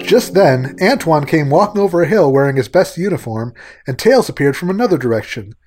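A man reads a children's storybook aloud on a podcast, his pitch swinging widely through the narration. A faint music bed plays underneath. His manner is animated and performative. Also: brisk. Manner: animated reading with voices. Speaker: podcast co-host. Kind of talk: storybook read-aloud and casual chat.

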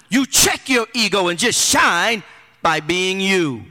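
Pastor man preaching, high lively voice, really bright, long echo from a big church. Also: measured pace. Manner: animated preaching with rhetorical repetition and colloquial asides. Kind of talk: sermon.

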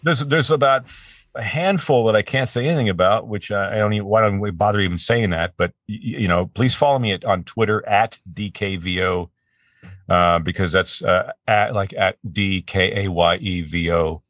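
A man's voice: fairly low pitch, normal speed, a bit bright, dry recording, clean studio sound. A man who works as a voice actor, chatting as an interview guest, talking in a friendly, rambling way with frequent restarts and easy laughter. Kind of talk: casual interview chat.

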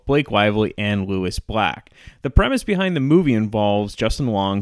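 A man hosting a casual countdown of comedy movies, chatty and relaxed, with frequent fillers. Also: mid-range voice, no echo, clean studio sound. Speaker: host.

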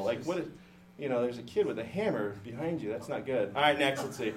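A middle-aged man gives a sermon in a fairly high voice. He jokes with the room, restarts his sentences often and acts out what tired parents say. The delivery is casual and animated. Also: moderate pace. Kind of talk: sermon with humorous asides.

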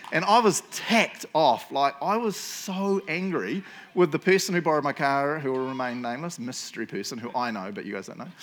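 A man's voice: a little high, normal speed, fairly bright tone. A man preaching a casual sermon, telling stories in a jokey, self-mocking way and teasing his listeners. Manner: jokey, self-mocking storyteller who teases the audience.

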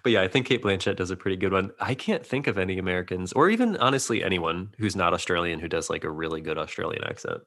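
A man with a fairly low voice hosts a casual interview. He rambles and hesitates, laughing often between his questions. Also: expressive, quick pace, few pauses, fairly bright tone. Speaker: podcast host.

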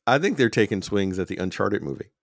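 A man co-hosting a podcast, calmly explaining and arguing his reading of the show. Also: fairly low pitch, quick pace, vocal fry, no room sound, clean studio sound. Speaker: podcast co-host. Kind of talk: casual podcast chat.

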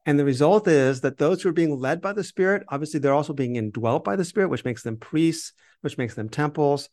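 A man with a slightly higher voice talks through a Bible passage in conversation. He keeps reading verses aloud with emphasis and stops to explain them, with some restarts along the way. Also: fairly quick, darkish tone. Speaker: Bible podcast co-host.

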